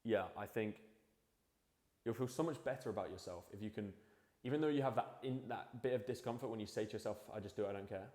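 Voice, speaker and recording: A young male vlogger talks fast to the camera at home at night in a fairly low, slightly mellow voice, giving a casual, rambling motivational monologue. He swears freely, restarts sentences, and drops to a mumble while searching for a quote, in an echoey room with long reverb.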